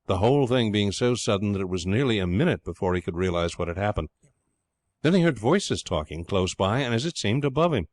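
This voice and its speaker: A man narrating an adventure novel with a steady, measured reading. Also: low-pitched, dry recording. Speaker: audiobook narrator. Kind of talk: scripted narration.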